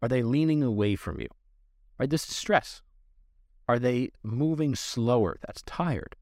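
A man's voice: mid-range voice, unhurried, darkish tone, no room sound. Man explaining dog training, dry sound. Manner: earnest, explanatory, talks to listener directly. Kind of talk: instructional podcast talk.

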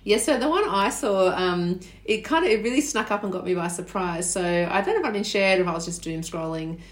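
A woman co-hosting a podcast, telling stories in an animated way and laughing often. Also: mid-range voice, brisk. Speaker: podcast co-host. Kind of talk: casual chat. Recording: echoey room.

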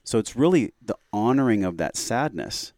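A man's voice: mid-range voice, very animated, moderate pace, a little mellow. A man speaking as a podcast guest, telling a personal story in an earnest, heartfelt, reflective way.

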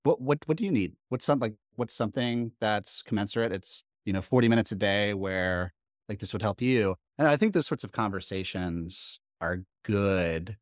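A man's voice: fairly low pitch, normal speed, no echo, studio quality. A man in his thirties hosting a podcast, speaking thoughtfully and conversationally and asking probing questions. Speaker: podcast host. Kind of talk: casual podcast interview.

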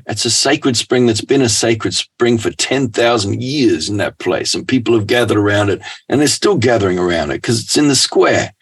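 A middle-aged man talking as a guest in a relaxed, rambling conversation, laughing often. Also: fairly low pitch, husky. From Australia. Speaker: guest author.

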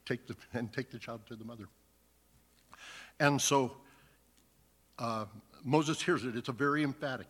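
A man's voice: mid-range voice, fairly even intonation, a little slow, long pauses, a bit bright. A man preaching a sermon, reading scripture aloud and then earnestly explaining it. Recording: long hall reverb.

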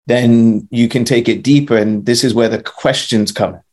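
A man's voice: mid-range voice, fairly even intonation, moderate pace, darkish tone. A man co-hosting a podcast, coaching listeners with rhetorical questions and casual swearing. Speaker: podcast co-host. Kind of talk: motivational talk.

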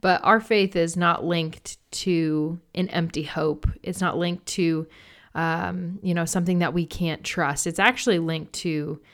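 Brief: woman podcast co-host, low-pitched, reflective, affirming, faith chat. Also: steady tone, unhurried.

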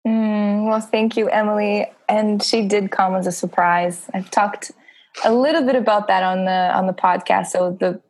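A woman's voice: medium pitch, fairly even intonation, normal speed, darkish tone, dry recording, rough recording. A woman in her thirties, a podcast guest who talks openly and laughs often between her phrases. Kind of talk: candid casual interview chat.

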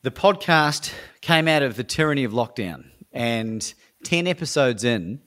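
A man's voice: mid-range voice, lively intonation, unhurried, a bit bright. An Australian man, a speaker and coach, telling stories in a podcast interview in an enthusiastic, motivational way. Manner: enthusiastic, motivational, with frequent fillers like "right?". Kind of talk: animated storytelling in a podcast interview.

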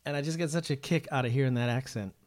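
A man's voice: medium pitch, quick pace, a little mellow. A man hosting a weekly worship livestream, talking in a casual, upbeat way with plenty of ums and uhs.

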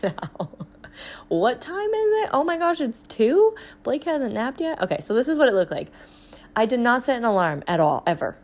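Woman, 30s, solo podcast host. Casual and chatty, lots of laughing asides. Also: mid-range voice. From Florida. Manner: chatty and animated, laughs often, quick asides.

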